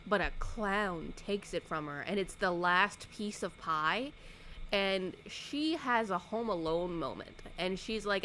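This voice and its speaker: A woman talks through a movie recap in a loose, sarcastic vlog style, acting out the characters' lines. Her voice sits at a middle pitch. A faint hiss of noise sits under her speech. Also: lively intonation, slow, bright, forceful tone. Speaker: YouTuber. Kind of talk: casual movie recap commentary.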